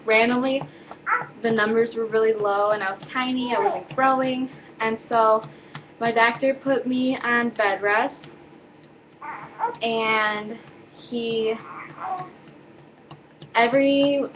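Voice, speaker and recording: A woman's voice: on the high side, lo-fi sound, slight background noise. A teenage girl telling a personal story in a loose, rambling way, full of fillers and self-corrections, recorded at home. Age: teens. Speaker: vlogger. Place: home, indoors with baby.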